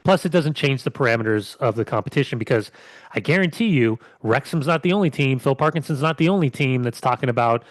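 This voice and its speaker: A man chatting about football as a podcast co-host, often chiming in with quick agreement. His mid-pitched voice comes across dry and close, with no room sound. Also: lively intonation, no echo. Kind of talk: casual football chat.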